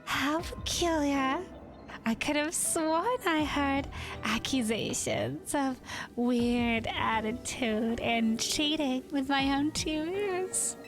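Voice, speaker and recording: A woman voicing a prim, haughty young lady with a slow, posh, icy way of speaking. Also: high voice, over music. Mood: cold suspicion.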